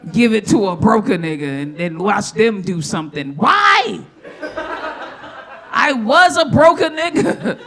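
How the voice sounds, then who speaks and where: Brash, forceful woman doing stand-up. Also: medium pitch. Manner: brash, profane, with sudden loud outbursts. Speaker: stand-up comedian. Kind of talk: live stand-up set. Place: comedy club stage.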